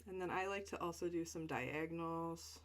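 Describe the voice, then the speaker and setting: A young adult woman, a voice teacher, talking through a stretch routine in a relaxed, chatty way with fillers and asides. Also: low voice, normal speed. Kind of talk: instructional stretch demonstration.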